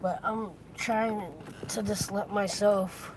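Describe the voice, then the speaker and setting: A woman's voice: mid-range voice, fairly even intonation, background noise. A tired woman talking casually in a weekly vlog update, rambling and trailing off as she thinks aloud. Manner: slow, rambling, tired and foggy. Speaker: vlogger.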